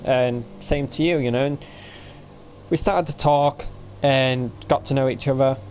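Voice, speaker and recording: A man's voice: mid-range voice, fairly even intonation, unhurried, darkish tone, a little hiss or hum. A man telling a rambling story on a livestream, quoting others, yawning and hiccupping. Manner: rambling, quotes others with "I was like". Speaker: livestream host.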